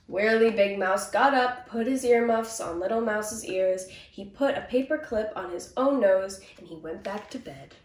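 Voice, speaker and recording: A woman's voice: mid-range voice, moderate pace, hardly any pauses. A woman reading a children's storybook. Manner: gentle, expressive storytelling. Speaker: actor reading a picture book. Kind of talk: children's storybook read-aloud. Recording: roomy, distant mic.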